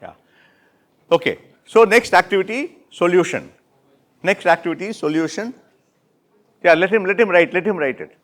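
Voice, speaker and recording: Indian english guy leading a class, a bit high pitched, keeps rephrasing what students say, quick praise. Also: expressive, a bit bright. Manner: repeats and rephrases students' answers, brisk encouraging praise. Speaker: workshop instructor. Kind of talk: interactive classroom teaching.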